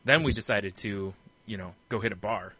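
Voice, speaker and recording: A man co-hosting a podcast in loose, casual chat, with a bright, forceful tone. He jokes, laughs often and trades crude banter. The sound is close and dry. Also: fairly low pitch, normal speed, breathy edge, dry recording. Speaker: podcast co-host.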